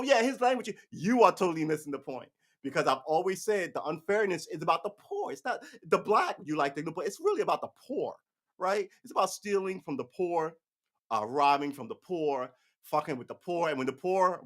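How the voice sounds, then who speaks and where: A man's voice: on the high side, fairly quick. A man in his forties hosting a livestream, ranting casually with lots of swearing and restarts. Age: 40s. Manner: profane, rambling, animated talk with restarts. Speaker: livestream host.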